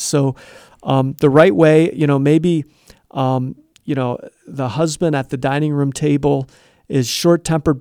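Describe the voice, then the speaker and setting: A middle-aged man explains advice in an earnest, conversational teaching style, slipping into little acted-out exchanges. His voice sits a touch high for a man, with a gravelly edge and a dark, mellow tone. The recording is dry and close, with no room sound. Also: no room sound. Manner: earnest, explains step by step, acts out quoted dialogue. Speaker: guest giving Christian advice.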